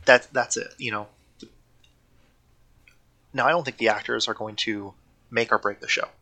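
Gravelly, bright-voiced man chatting eagerly. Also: mid-range voice, steady tone, normal speed. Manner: enthusiastic, rambling, self-correcting. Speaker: podcast co-host. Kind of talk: casual podcast chat.

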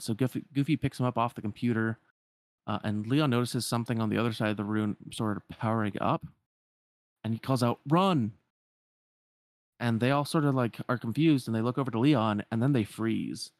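A man's voice: medium pitch, no echo. Casual man retelling a story. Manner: casual, frequent "like" fillers.

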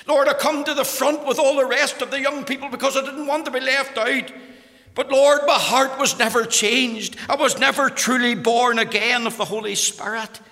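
A preacher voicing a weeping wife's prayer. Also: male voice, very high voice, fairly even intonation, normal speed, bright, forceful tone, big-room sound, voice pushed up, exaggerated voice. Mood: pleading. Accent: Northern Irish. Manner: pleading, emotional. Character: weeping repentant wife crying out in prayer.

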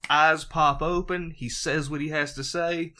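A man's voice: fairly high pitch, fairly even intonation, a little slow, bright, forceful tone. A man who is a guest on a podcast, telling stories in casual chat and swearing freely.

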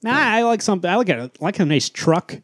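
A man's voice: high voice, big pitch swings, a little fast, fairly bright tone, dry recording, clean studio sound. A man co-hosting a casual podcast chat, talking bluntly and emphatically with plenty of swearing. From Central or South America family roots. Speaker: podcast co-host.

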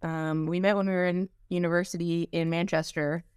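A young American woman guesting on a podcast, telling stories in a lively, laughing way. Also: lowish voice, fairly quick, clear, resonant tone, dry recording, studio quality. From United States. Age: young adult. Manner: lively storyteller who laughs through her anecdotes. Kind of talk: casual podcast chat.

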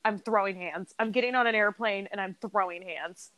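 A woman's voice: mid-range voice, normal speed, a bit bright, no echo. A young woman co-hosting a podcast, chatting casually with lots of fillers and laughter. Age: young adult. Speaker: podcast co-host. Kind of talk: casual chat.

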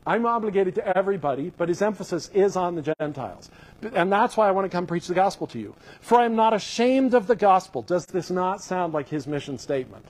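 A male pastor giving a sermon, reading scripture aloud and explaining it with animated enthusiasm. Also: high voice, a little fast, rough recording.

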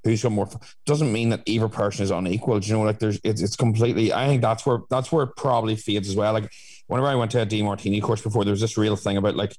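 A man talks quickly in a fairly low voice, rambling through his points. He stacks up fillers as he goes and speaks frankly in relaxed conversation. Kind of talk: casual chat.

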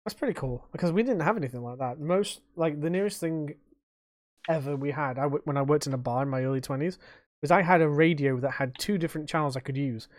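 A young man, hosting a casual podcast chat and telling animated stories that he acts out and laces with swearing. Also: fairly high pitch, fast talker, no room sound, studio quality. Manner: animated storytelling, swearing, acting out quotes. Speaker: podcast host.

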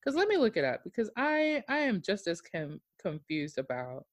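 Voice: mid-range voice, moderate pace, dry recording. Podcast host, casual rambling chat, laughs a lot, dry close sound. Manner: rambling and animated, many "like" fillers; laughs often.

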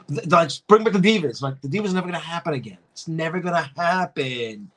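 A young man co-hosting a casual podcast, swearing freely and joking through quick banter. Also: fairly high pitch, lively intonation, fairly bright tone. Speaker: podcast co-host. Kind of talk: casual wrestling chat.

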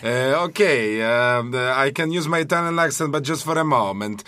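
Give me a playful man in a casual chat, bright and forceful, dry close sound. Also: medium pitch, no echo. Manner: playful, quick interjections. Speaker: podcast co-host.

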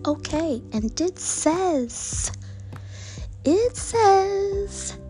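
A woman's voice: high-pitched, big pitch swings, dark tone, faint music behind. Playful woman sliding into whispers. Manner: playful, drawn-out delivery that drops into whispers. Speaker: affirmation card reader. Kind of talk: casual affirmation vlog with whispered asides.

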